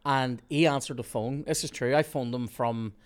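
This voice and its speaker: A male podcast host spinning a story in casual chat. He talks in an animated way, swears often and breaks into laughs. His voice sits at an ordinary middle pitch for a man. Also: normal speed, slight background noise. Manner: animated, sweary anecdote-telling with frequent laughs.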